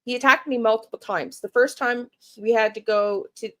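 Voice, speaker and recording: A middle-aged woman from Canada hosting a true crime channel, talking through personal frustrations in a halting, emotional way, with restarts, repeated words and blunt, casual swearing. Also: a little high, steady tone. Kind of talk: personal vlog monologue.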